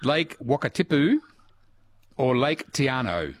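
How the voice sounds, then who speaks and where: A man runs a casual radio quiz, his voice rising and falling with animated swings. He chats and teases his callers in an easy way. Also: medium pitch, unhurried. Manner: chatty, teasing, lively. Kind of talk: casual call-in quiz chat.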